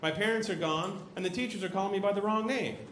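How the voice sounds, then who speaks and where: A high-voiced man works a stand-up set, telling his story with constant "right?" tags. His voice rings around a reverberant club room, with clear crowd noise behind him. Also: fast talker. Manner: animated storytelling, jumps into shrill shouted voices for characters; tag questions "right?" after nearly every beat. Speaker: stand-up comic. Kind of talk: stand-up comedy. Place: comedy club stage. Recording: roomy club sound with audience.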